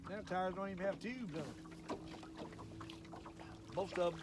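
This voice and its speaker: A man's voice: high-pitched, measured pace, very noisy. Folksy older man on a boat. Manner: folksy, rambling, drawling country talk. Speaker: fishing show host. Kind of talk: casual fishing vlog monologue. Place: outdoors on a boat on a lake.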